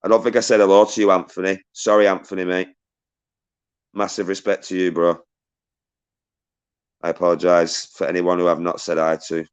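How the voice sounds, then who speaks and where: A man with a low, deep voice hosts a livestream, reading chat messages aloud and giving shout-outs. He rants in an agitated way and swears freely between greetings to viewers. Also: flat delivery, moderate pace, long pauses, smooth, muffled recording.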